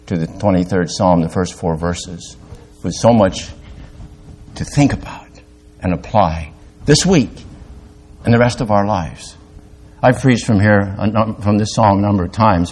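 An older man preaching a sermon as pastor, halting at times, rising to loud emphatic peaks and dropping to quiet, confessional lows.

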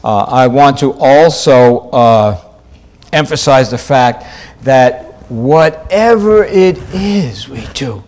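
A man preaching a sermon, stressing key phrases and repeating them, moving between loud, raised lines and quiet, low ones. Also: lively intonation, slow pace.

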